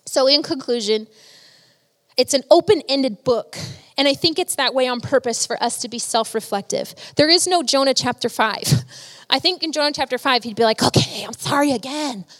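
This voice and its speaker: A woman's voice: sits high, normal speed, a bit bright, big-room sound. A woman preaching a sermon, telling stories earnestly and with emotion.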